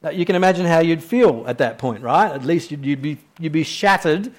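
Preaching man, fairly high voice. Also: expressive. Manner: preaching that swings from raised, urgent questions down to hushed, slow emphasis; repeats key phrases for emphasis. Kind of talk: sermon.

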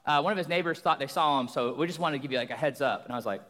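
A young man preaching as a guest in a church, loud and joking as he tells a long funny story. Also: a little high, racing. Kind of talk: sermon. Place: church hall. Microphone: handheld or stage microphone. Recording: long reverb of a church hall.

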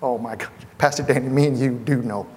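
A man's voice: mid-range voice, brisk, darkish tone. A middle-aged man from Asia preaching a sermon in a conversational way, speaking directly to the congregation. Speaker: pastor. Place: church hall. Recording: long hall reverb.

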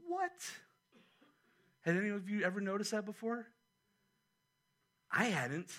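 Male pastor, lively chatty sermon delivery, bright and high-pitched. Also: a little slow. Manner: animated, conversational preaching with asides. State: a little out of breath.

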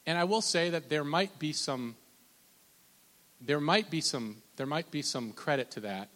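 Man preaching, bright ringing voice, rambling and animated, long hall reverb. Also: a little high. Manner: conversational, rambling, frequent restarts and fillers; animated, pushes loud on emphasis, drawn-out slow scripture quotes. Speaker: pastor. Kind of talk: sermon.

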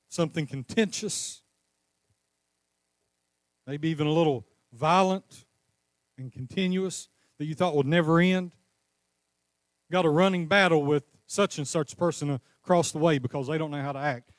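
A man preaching a sermon, crying out passionately at times and easing into a calm teaching tone at others. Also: fairly high pitch, dry recording, clean studio sound. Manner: impassioned preaching, rising to cries then dropping to a calm teaching tone. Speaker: pastor.

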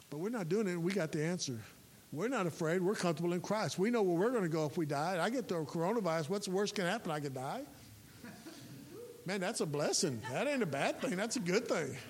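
A chaplain preaching a sermon in a folksy, emphatic way, his voice rising to loud peaks. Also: sits high. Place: church sanctuary. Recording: reverberant hall with faint hiss.

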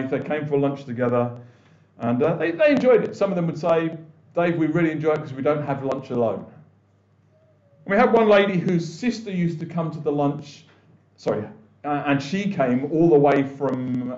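A man's voice: on the high side, darkish tone. Man preaching in an echoey hall. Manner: conversational, with many restarts and quoted voices. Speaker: pastor. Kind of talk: sermon. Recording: echoey, dull church recording.

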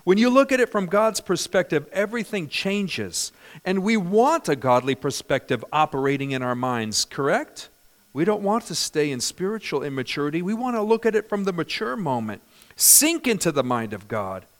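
A middle-aged man from California preaching a sermon, lively and humorous, often asking the congregation questions. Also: high-pitched, normal speed. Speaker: pastor.

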